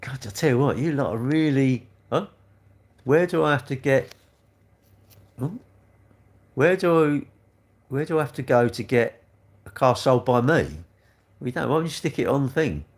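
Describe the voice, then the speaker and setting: With long pauses, normal speed and a medium-pitched voice, an older English man hosts an easygoing livestream. He reads viewer comments out loud and responds with blunt, cheeky banter peppered with "mate" and "innit."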